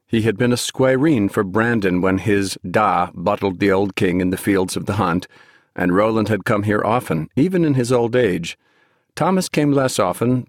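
A man narrating a fantasy novel at a measured, steady pace. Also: on the low side, no room sound, clean studio sound. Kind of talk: audiobook narration.

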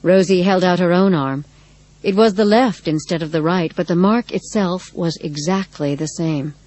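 A woman narrating a dark story in a measured, dramatic reading. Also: on the low side, no echo, rough recording. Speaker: audiobook narrator. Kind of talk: scripted narration.

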